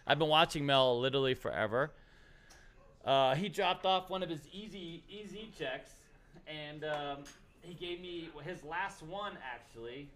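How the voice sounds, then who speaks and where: A man hosting a casual stream, excitable and rambling, calling people "dude". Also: a little high, unhurried. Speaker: host. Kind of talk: casual livestream chat.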